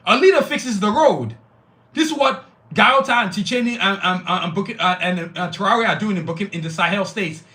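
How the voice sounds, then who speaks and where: A man's voice: high-pitched, pushed and bright. A man hosting a podcast, delivering a fiery, profane monologue full of repeated lists. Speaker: podcast host.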